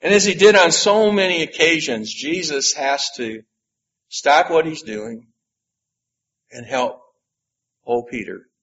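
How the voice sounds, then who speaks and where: Male preacher, unhurried emphatic sermon with long pauses, on a muffled lo-fi recording. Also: a little high, fairly bright tone. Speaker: pastor.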